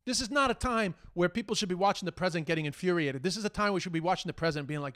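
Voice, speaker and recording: A man's voice: high voice, very fast, few pauses, fairly bright tone. An Irish man hosting a podcast, delivering a heated, exasperated casual monologue full of swearing. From Ireland. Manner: heated, exasperated, profane, mocks quoted speech. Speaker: podcast host.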